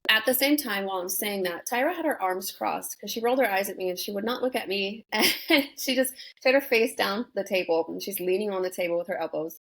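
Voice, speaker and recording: On an interview show, a former reality contestant in her young adult years talks quickly with few pauses in a mid-range, fairly bright voice. She's blunt and emphatic, curses freely, and fills her speech with "like" and "you know"; the audio quality is poor.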